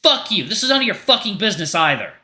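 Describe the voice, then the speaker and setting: A man voicing a furious young male blue jay bird-man who shouts and curses. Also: very high voice, moderate pace, voice pushed up, heavily acted. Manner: shouting, snarling, cursing. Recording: roomy echo.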